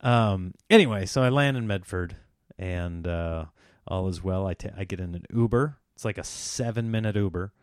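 A man's voice: sits low, normal speed, clear, resonant tone, no room sound, studio quality. A man hosting a podcast, telling stories in casual chat and acting out the people in them. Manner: animated, does mocking voices of people in his stories. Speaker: podcast host.

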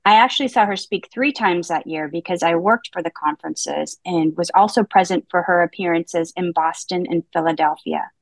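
This book podcast host has a lowish voice and talks at normal speed with hardly any pauses. The audio is poor but free of room sound as she reads her prepared intro and leads a relaxed book-club conversation, joking drily at her own expense.

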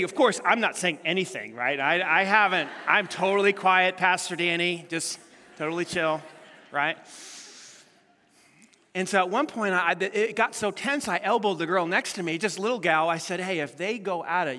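Bright-voiced pastor preaching in a reverberant hall. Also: male voice, high-pitched, normal speed. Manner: animated storytelling, acts out quotes. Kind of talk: sermon. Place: large church hall.

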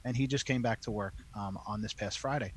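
Animated man telling a story. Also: lowish voice, brisk, rough recording. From New York. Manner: animated storyteller, lots of fillers. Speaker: librarian. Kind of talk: casual chat, telling a story.

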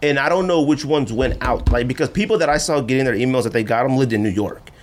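A man hosting a casual podcast, telling a long story in an animated way and acting out the voices he quotes. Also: fast. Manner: animated, acts out quoted voices with big pitch jumps. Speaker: podcast host.

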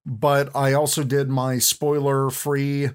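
A man co-hosting a casual podcast, reading the intro and patron list with quick energy. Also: mid-range voice, smooth. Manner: lively, quick reads of sponsor and patron lists. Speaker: podcast co-host.

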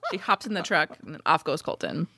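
A woman's voice: on the low side, brisk, pushed and bright, breathy edge, no echo, studio quality. A woman co-hosting a podcast, casually recapping a TV episode and acting out the characters' lines. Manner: chatty, acts out quoted lines. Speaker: podcast co-host.

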